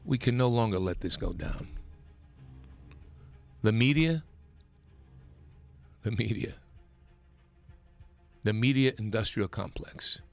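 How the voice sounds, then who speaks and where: A man hosting a talk radio show, delivering an impassioned, emphatic political monologue that climbs toward near-shouting. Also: lowish voice, a little slow, creaky, pauses often, no echo, soft background music. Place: radio studio.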